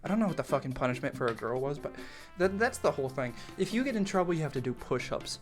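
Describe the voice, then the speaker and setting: A man's voice: fairly high pitch, fast, soft background music. Slangy young man telling a story. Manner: profane, animated, slangy, full of 'like'. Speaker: storytime YouTuber. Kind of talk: casual storytime narration.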